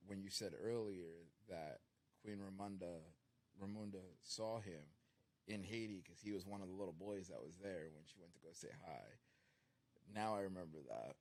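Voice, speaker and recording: A man's voice: deep voice, moderate pace. A man co-hosting a casual podcast movie review, giving his opinion in a thoughtful, rambling way with many fillers. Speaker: podcast co-host.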